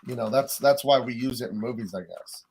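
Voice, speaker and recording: A man from California with a standard American accent, speaking at a middle pitch. He chats inquisitively on a podcast, reading out viewer questions and following them up with his own. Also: a little fast, creaky, darkish tone, husky. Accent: General American. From California, USA. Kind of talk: casual chat.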